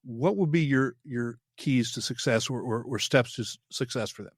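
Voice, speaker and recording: A man hosting an interview podcast in casual chat, talking haltingly with many restarts. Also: medium pitch, no room sound, clean studio sound. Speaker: podcast host.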